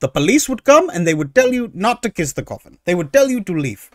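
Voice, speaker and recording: A stern, clipped German man barking out rules, as a man puts on the voice. The voice sits fairly high and over-pronounces every word in a thick put-on German accent, with a dry, close sound. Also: sing-song, fairly quick, no echo.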